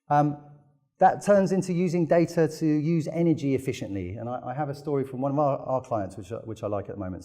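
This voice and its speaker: A British conference speaker with a medium-pitched, dark voice gives a business presentation. He tells stories enthusiastically, peppering them with lots of "you know" fillers.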